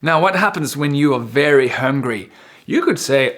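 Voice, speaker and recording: A man's voice: medium pitch, animated, moderate pace, fairly bright tone. A man teaching English vocabulary, repeating each new word for learners. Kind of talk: vocabulary lesson.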